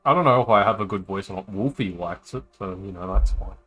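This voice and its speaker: A man's voice: sits low, fast talker, a bit bright. An Australian man streaming a game, reading its dialogue aloud and chatting with casual swearing.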